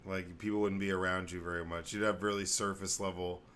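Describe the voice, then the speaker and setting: A man's voice: sits low, fairly quick, slight background noise. A man hosting a casual podcast chat, joking around and slipping into silly voices. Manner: animated, joking, slips into silly put-on voices. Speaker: podcast host.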